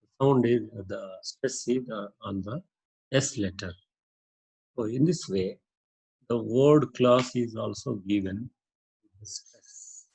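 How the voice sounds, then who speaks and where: Slow, husky-voiced male English teacher. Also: medium pitch, a little mellow, low-quality recording. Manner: slow, repetitive explaining with frequent "uh" fillers. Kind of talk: classroom-style lesson on using a dictionary.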